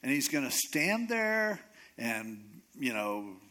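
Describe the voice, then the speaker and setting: A middle-aged male pastor preaching a sermon, retelling a Bible story in a lively, conversational way and acting out the characters' lines. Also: medium pitch. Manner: animated storytelling, acting out characters in quick asides.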